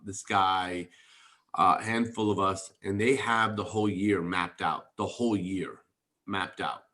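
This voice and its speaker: Excited low-voiced man on a video call. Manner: excited, emphatic, storytelling. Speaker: network marketing team leader. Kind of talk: enthusiastic motivational talk on a video call.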